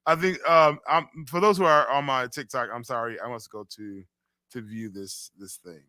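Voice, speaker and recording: A man's voice: medium pitch, moderate pace, pushed and bright, no room sound. A man from Western New York hosting a casual radio talk show, telling stories animatedly and laughing often. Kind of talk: casual chat.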